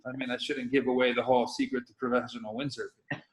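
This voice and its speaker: A man's voice: medium pitch, level tone, fast talker, reverberant, low-quality recording. A middle-aged man from Hawaii, a professional windsurfer talking as a guest in a casual, rambling interview. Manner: rambling, loose, with many restarts.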